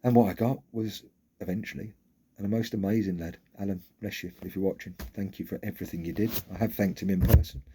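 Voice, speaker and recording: A man's voice: lowish voice, steady tone, fast, warm tone, breathy edge. A middle-aged man tells a personal story in a frank, candid way and swears casually.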